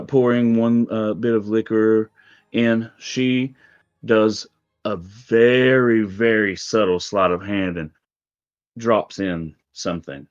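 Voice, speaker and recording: Halting man narrating a tabletop game. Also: fairly low pitch, clear, resonant tone, highs cut off. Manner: casual, halting, many fillers. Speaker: game master.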